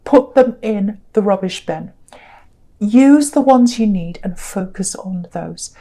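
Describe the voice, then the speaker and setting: A woman's voice: mid-range voice, lively intonation, takes it slowly, dark tone. A woman giving a tarot reading, earnest and direct, repeating herself for emphasis. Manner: gives direct advice. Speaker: tarot reader.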